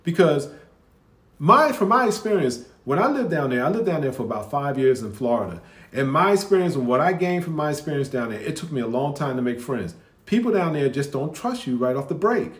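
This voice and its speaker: Lively Northeastern-accented man in an echoey room. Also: on the high side, a little fast. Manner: conversational, candid, repeats himself. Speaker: commentary video host. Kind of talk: reaction commentary.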